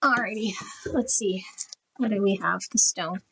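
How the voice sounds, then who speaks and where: A woman giving a pick-a-card tarot reading, talking quietly and evenly and reading card meanings as lists of words. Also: a little slow, creaky, long pauses, a little hiss or hum, low-quality recording. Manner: quiet, even and low-key, trying not to be loud early in the morning. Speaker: tarot reader.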